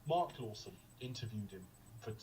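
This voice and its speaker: A man's voice: on the low side, lively intonation, normal speed, darkish tone, far from the mic, low-quality recording. Rambling man reviewing films. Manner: rambling, digressive, with frequent ums and asides. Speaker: podcast co-host. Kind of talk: casual film review chat.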